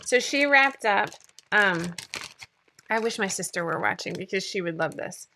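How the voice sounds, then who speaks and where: A woman's voice: mid-range voice, animated, moderate pace, pushed and bright, a little hiss or hum. A woman in her forties hosting a casual livestream chat from home, rambling and laughing often, sometimes teary. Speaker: livestream host.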